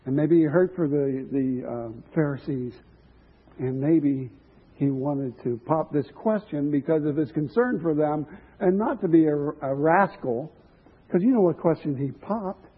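A man's voice: on the high side, unhurried, breathy edge, big-room sound. A man preaching a sermon, earnest and musing, with chuckles and some restarts. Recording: tinny phone-like line.

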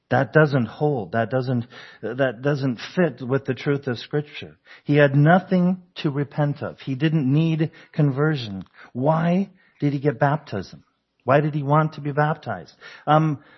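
A man's voice: mid-range voice, breathy edge, lo-fi sound. A man preaching a conversational sermon, asking the congregation questions and chuckling often. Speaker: pastor.

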